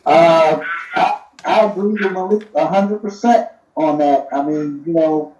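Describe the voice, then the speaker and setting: A man's voice: a little slow, muffled recording, background noise. A man speaking as a panel guest, blunt and emphatic in casual talk. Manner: blunt, emphatic, drops to a low mutter. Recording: roomy, distant mic.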